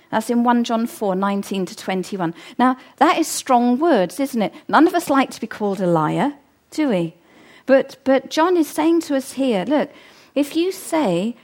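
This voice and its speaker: A middle-aged woman preaching a sermon, earnest and emphatic, repeating her key phrases. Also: fairly high pitch.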